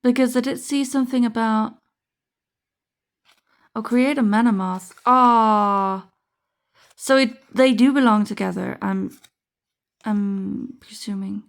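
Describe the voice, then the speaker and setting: A woman speaks in an unhurried, relaxed way as she sorts through a card pack. Her voice has a noticeable vocal fry. She thinks aloud, trailing off and restarting mid-sentence. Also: fairly high pitch. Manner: musing, thinking aloud with fillers. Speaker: card game vlogger. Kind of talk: casual unboxing chat.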